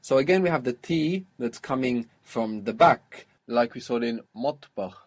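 A man's voice: medium pitch, animated, measured pace. A man teaching a spoken Arabic lesson, explaining patiently and prompting his student with questions.

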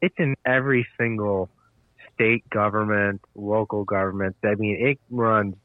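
A man's voice: lowish voice, steady tone, unhurried, no echo. Nineteen-year-old man on a tinny phone line. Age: teens. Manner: hesitant, fills with uh and um. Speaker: guest. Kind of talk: casual political chat.

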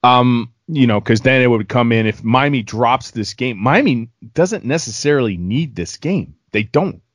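A man's voice: medium pitch, expressive, moderate pace, no echo, clean studio sound. A man in his forties in casual sports-podcast chat, rambling and repeating himself as he talks. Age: 40s. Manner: rambling, repeats words when earnest. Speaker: podcast co-host.

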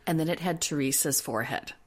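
A woman's voice: low-pitched, quick pace, slightly rough. A woman co-hosting a casual chat show, gossiping bluntly and laughing often. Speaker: podcast co-host.

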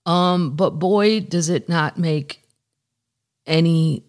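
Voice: medium pitch, takes it slowly. A podcast host chatting casually and candidly with frequent swearing, reading news items aloud and adding asides. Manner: candid, profane, rambling. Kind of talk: casual chat.

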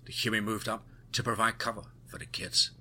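A man narrating a first-person adventure story in a steady storytelling manner. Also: fairly low pitch, moderate pace, a little hiss or hum.

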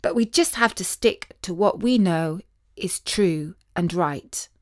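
A woman narrating a children's story in a gentle, expressive storytelling voice. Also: on the low side, slow pace.

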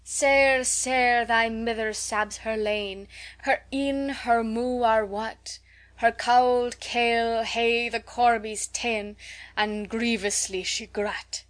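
A woman reading a bold, teasing schoolgirl from a storybook, higher and louder than the narration. She is emphatic and likes to sound grand and solemn in fun. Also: animated, normal speed. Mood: reciting. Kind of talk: audiobook character voice.

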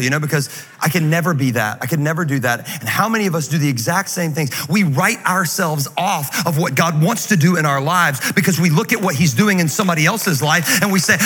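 High-voiced joking preacher man. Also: a little fast, breathy edge. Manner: energetic, joking, conversational preaching. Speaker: guest pastor. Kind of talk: sermon. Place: large church auditorium. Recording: reverberant hall, faint noise.

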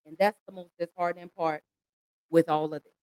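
A woman's voice: lowish voice, fairly even intonation, fairly quick, dark tone, dry recording, poor audio. Impassioned American woman, dry close sound. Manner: impassioned, pleading, addresses listeners as y'all. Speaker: host. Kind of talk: emotional commentary.

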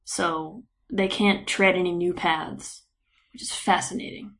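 A woman's voice: lowish voice, fairly even intonation, unhurried, a bit bright. A woman co-hosting a podcast, chatting casually with playful, rambling musings. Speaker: podcast co-host. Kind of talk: casual chat.

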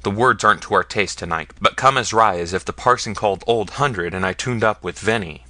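A man reading the part of a testy old smuggler who is fond of drink, giving brisk, commanding toasts. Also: on the low side, sharp tone, no room sound.

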